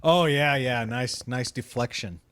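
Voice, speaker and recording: A man's voice: medium pitch, measured pace, a bit bright, no room sound. A man hosting a casual podcast chat, joking and laughing easily with his co-hosts. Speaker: podcast host.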